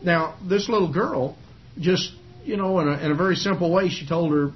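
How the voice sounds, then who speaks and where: A man's voice: on the high side, normal speed. Folksy man teaching a Bible study. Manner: folksy retelling with many uhs and you-knows. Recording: slightly muffled old recording.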